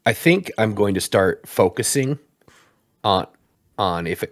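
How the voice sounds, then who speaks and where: A man's voice: lowish voice, animated, a little slow, dry recording. A man co-hosting a casual gaming podcast, chatting playfully and rambling with laughs. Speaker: podcast co-host.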